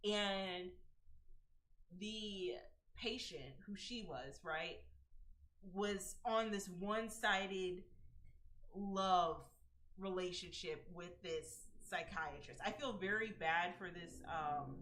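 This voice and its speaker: A woman's voice: lowish voice, slow pace, a bit bright. A young adult woman streaming, chatting casually through gossip and commentary, with slangy asides and bursts of laughter.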